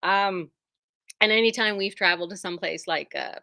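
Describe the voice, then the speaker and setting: A woman with a bright, forward voice rambles cheerfully about new fabric bolts from her quilt shop. She wanders off topic and pokes fun at herself. Her voice sounds close and dry, with almost no room sound. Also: medium pitch, moderate pace, no echo. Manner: chatty, rambling, self-deprecating. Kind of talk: casual product showcase.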